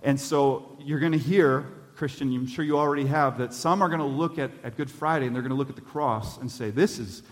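A man's voice: medium pitch, steady tone, fairly quick, few pauses, long reverb tail. A male pastor preaching a sermon in a church, earnest and building to urgent appeals.

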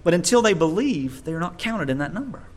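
A man preaching a sermon in an animated way, sometimes mocking others in a high voice. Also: fairly quick.

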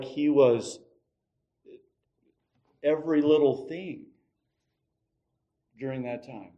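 A middle-aged man preaching a sermon as pastor, telling stories with animation and moving between loud emphasis and quiet asides. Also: a little high, low-quality recording.

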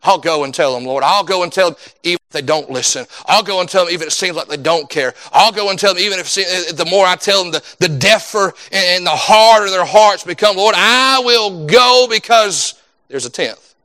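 Guy preaching, kinda high bright voice, keeps building up then dropping low. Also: fast, few pauses. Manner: fervent, repetitive preaching cadence with sudden loud climbs and quiet drops. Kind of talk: sermon.

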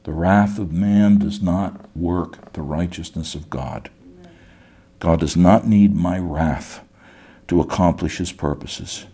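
A man's voice: sits low, slow, dark tone, husky. A middle-aged man preaching a sermon as pastor, earnest, often repeating words as he builds a point.

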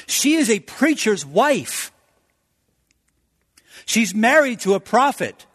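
A middle-aged male pastor delivers a fervent sermon in a high voice, rising to urgent pleas and then dropping to hushed, low lines. His words ring out with the long reverb of a church sanctuary. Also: big pitch swings, takes it slowly, slightly rough. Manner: fervent preaching with big swings from loud to hushed.

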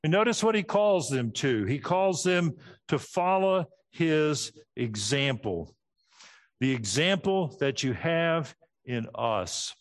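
Middle-aged guy preaching, kinda higher voice, walks through his points step by step. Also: expressive, takes it slowly. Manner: structured, teaching, drops pitch at phrase ends. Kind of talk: expository sermon.

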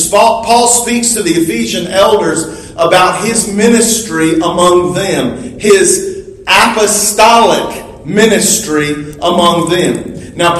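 A man's voice: high voice, a bit bright, echoey room, poor audio. A man preaching a sermon earnestly, explaining and repeating key phrases with small restarts. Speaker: pastor.

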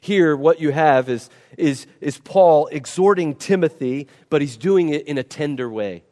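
A man's voice: fairly high pitch, measured pace, darkish tone. A man preaching a sermon, emphatic and repeating key words for stress. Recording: long reverb of a large hall.

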